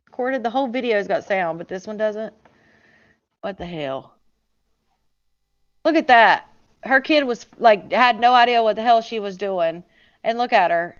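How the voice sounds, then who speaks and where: A woman's voice: a little high, dull audio. Blunt woman host reacting to clips. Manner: blunt, swears, reacts with disbelief. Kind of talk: casual commentary on video clips.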